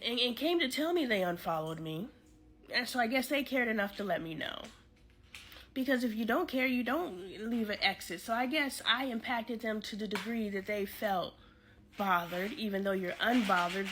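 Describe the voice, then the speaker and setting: A woman talking straight to her viewers in a casual vlog, animated and outspoken, swearing freely. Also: on the high side, slight background noise. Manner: talks straight to viewers, says "y'all". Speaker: family advocate content creator.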